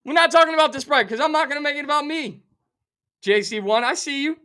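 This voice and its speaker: A man's voice: very high voice, fast. Fired-up man ranting as sports host. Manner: animated, sarcastic, theatrical outrage. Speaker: sports talk show host. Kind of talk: fired-up sports betting rant.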